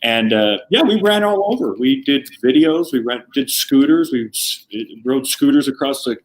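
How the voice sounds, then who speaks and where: A man, an entertainment reporter, telling stories in a rambling, relaxed way as a guest on a casual video chat. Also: medium pitch, moderate pace, low-quality recording.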